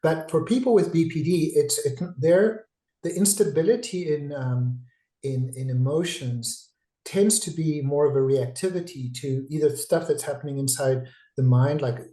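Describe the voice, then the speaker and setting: A man's voice: on the high side, normal speed, warm tone. Talkative man in an echoey room. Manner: talkative, digressive, with frequent restarts. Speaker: psychiatrist presenting a webinar. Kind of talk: conversational webinar lecture.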